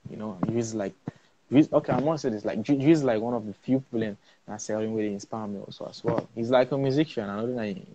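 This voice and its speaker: A man's voice: on the low side, fast talker, mellow, highs cut off. A young man with a Sierra Leonean accent, a film-maker talking casually and rambling in a live interview, full of fillers and restarts. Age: young adult. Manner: laid-back, rambling, many fillers and restarts. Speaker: interview guest, cinematographer.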